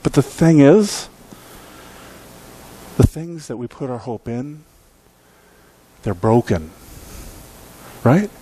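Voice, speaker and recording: Here a pastor in his forties, speaking at medium pitch with a dark, animated tone, takes his time and pauses often; a faint hiss or hum sits underneath. His sermon in the church sanctuary is a self-deprecating, funny story punctuated by "right?" to the congregation.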